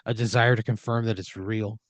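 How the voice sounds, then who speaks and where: A man's voice: fairly low pitch, steady tone, a little fast, no room sound, highs cut off. A man narrating an improvised comedy scenario in a loose, rambling way. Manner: rambling, loose narration with fillers, puts on voices for characters. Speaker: host.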